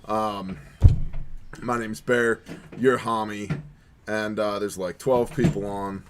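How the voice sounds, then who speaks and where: A man's voice: on the low side, little pitch movement, takes it slowly, noisy background. A man hosting a casual livestream chat, joking and bantering with his co-host. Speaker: podcast host.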